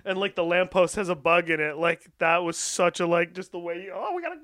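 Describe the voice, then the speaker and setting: A man's voice: sits high, flat delivery, brisk, a bit bright, clean tone, no echo, clean studio sound. A man co-hosting a podcast, chatting casually in rambling sentences full of "like" and laughing along. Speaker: podcast co-host.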